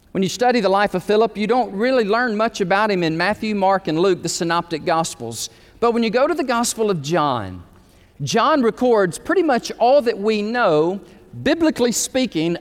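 A man preaching as pastor of his church, telling a story in an animated way. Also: high voice, in a large hall. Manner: animated, storytelling with quoted dialogue. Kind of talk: sermon. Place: church sanctuary.

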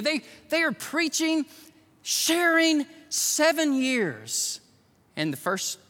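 A man preaching to his congregation, his voice pitched high and bright. He swings from loud, driving exhortation to hushed, pointed emphasis. The sound carries a long reverb off the church hall. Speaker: pastor. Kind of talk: sermon. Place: church sanctuary.

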